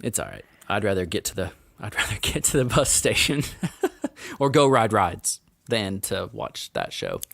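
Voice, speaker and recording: A man's voice: fairly low pitch, huge pitch swings, normal speed, creaky, fairly bright tone, no echo, clean studio sound. A man co-hosting a casual podcast, teasing his co-host and giving strong opinions. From Tennessee. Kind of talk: casual chat.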